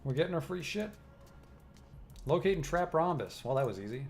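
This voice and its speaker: A man's voice: fairly high pitch, lively intonation, moderate pace, long pauses, soft background music. A man doing let's play commentary over a game, swearing and sardonic as he plays. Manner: profane, sardonic. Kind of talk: gameplay commentary.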